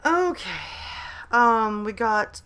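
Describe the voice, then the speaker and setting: A bright-voiced woman in her thirties talks into a desk mic at her laptop during a home live stream. She is hyper and chatty, greeting viewers and reading their messages aloud. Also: a little high, animated, takes it slowly, clear, resonant tone. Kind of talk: casual live stream chat. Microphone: desk microphone at a laptop.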